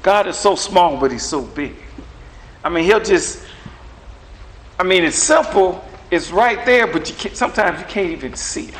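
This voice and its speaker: A middle-aged man delivers a sermon in an animated, conversational style. His voice sits somewhat high, and a faint hiss of room noise runs underneath. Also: normal speed, rough recording. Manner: animated, conversational, acts out dialogue with God. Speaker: preacher.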